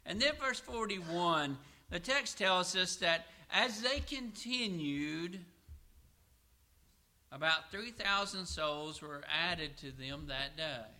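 A middle-aged man preaching a sermon, asking questions and answering them himself, and slowing down to read scripture aloud. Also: high-pitched, bright, forceful tone. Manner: asks and answers his own questions.

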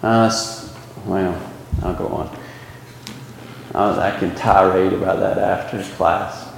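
A man's voice: deep voice, steady tone, slow, vocal fry. A man teaching a Bible class, rambling with many fillers and restarts and pushing rhetorical questions up with emphasis. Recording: echoey hall with long reverb.

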